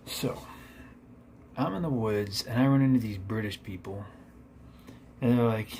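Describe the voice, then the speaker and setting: Man, low voice, deadpan, rambling comic storytelling, faint background hiss. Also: normal speed, pauses often. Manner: deadpan, rambling absurd narration.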